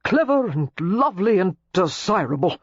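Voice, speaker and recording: A woman's voice: lowish voice, very animated, moderate pace, slightly rough, dry recording, pitched above the performer's own voice. A woman voicing an ardent young English lord who makes earnest, flowery declarations. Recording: slightly muffled lo-fi recording.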